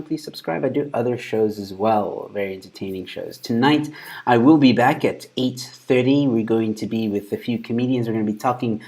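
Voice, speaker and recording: A man hosts an informal news chat, talking into a close mic. He rambles, repeats himself and laughs freely at what he reacts to. His voice sits at an ordinary middle pitch for a man. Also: darkish tone. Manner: laughs often, loose and rambling. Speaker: show host. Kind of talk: casual news commentary.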